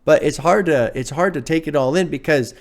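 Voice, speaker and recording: A man hosting a music reaction video, talking casually and excitedly, swearing often and breaking into laughs. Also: a little high, brisk.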